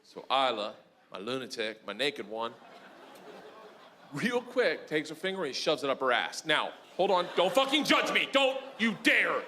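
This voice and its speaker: A middle-aged man doing a stand-up comedy set, telling stories loudly with shouted punchlines. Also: on the high side, normal speed, a crowd in the background. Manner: loud, animated storytelling with shouted punchlines. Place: comedy club stage. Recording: noisy live club recording. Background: audience laughter.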